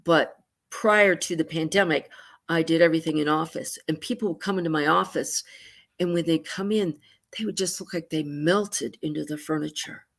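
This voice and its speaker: Woman therapist, lower register, lively explainer who performs her examples, video-call audio. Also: normal speed, gravelly. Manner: animated, acts out clients' inner voices with sighs. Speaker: psychotherapist. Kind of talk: conversational explanation with acted-out examples.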